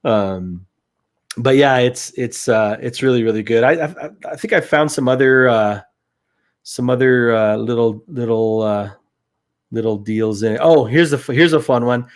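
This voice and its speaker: A man's voice: mid-range voice, moderate pace. A young man co-hosting a movie review show, talking casually with lots of fillers, restarts and swearing.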